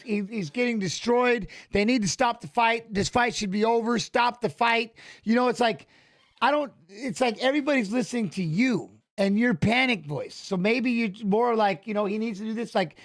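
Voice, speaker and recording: A middle-aged man with a notably high voice hosts a live fight watch-along. His talk is loose and animated, wandering off track and circling back to repeat himself. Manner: animated, rambling, repeats phrases. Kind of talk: casual live fight commentary.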